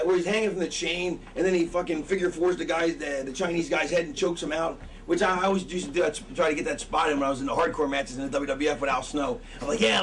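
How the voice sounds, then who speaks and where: Middle-aged guy coaching wrestlers, swears a lot, rambles, kinda high voice, mic far off with faint noise. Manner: profane, rambling, loses his train of thought. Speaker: wrestling trainer. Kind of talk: casual teaching talk.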